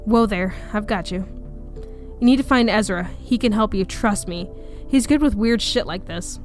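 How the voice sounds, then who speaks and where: A woman's voice: medium pitch, moderate pace, soft background music, close to an everyday voice. Woman reading a teasing old male vampire. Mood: calm. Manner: read plainly in her own voice.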